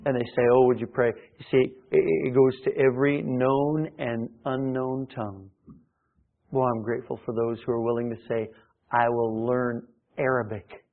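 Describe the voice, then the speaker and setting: A man's voice: medium pitch, fairly even intonation, moderate pace, gravelly. A man preaching a sermon as pastor, swelling in volume at times and often restarting his phrases. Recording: tinny phone-like sound.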